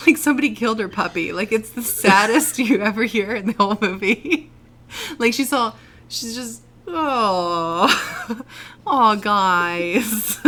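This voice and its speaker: A woman's voice: a little high, moderate pace. Giggly woman co-host. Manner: giggly, animated and playfully indignant. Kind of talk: casual podcast chat about a movie.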